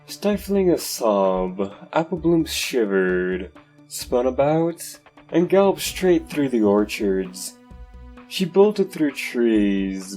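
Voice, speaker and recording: Slow dark-voiced man narrating horror. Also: mid-range voice. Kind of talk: dark horror story reading.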